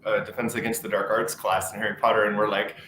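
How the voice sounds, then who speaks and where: A man moderating a webinar panel, thinking aloud in a relaxed way before passing the turn. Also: fairly low pitch, quick pace. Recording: roomy audio with audible noise.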